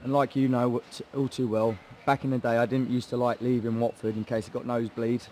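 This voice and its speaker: Here the same sort of speaker, a young Hertfordshire-accented English MMA fighter, is heard at medium pitch with a level, darkish tone, talking fast over slight background noise. As an interview guest he swaps laddish banter and swearing while recounting how he started training, voicing the people he quotes.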